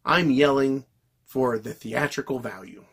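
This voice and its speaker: A man delivering a heated, profanity-laced monologue to his viewers, yelling and venting. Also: medium pitch, measured pace, slightly rough. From United States. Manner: yells and vents angrily, heavy swearing. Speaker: political commentary vlogger.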